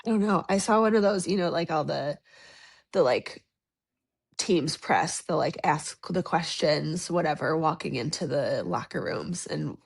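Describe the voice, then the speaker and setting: A woman's voice: low voice, animated, vocal fry, slightly rough. A woman co-hosting a sports podcast, chatting casually and agreeing readily. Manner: agreeable, quick affirmations. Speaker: podcast co-host.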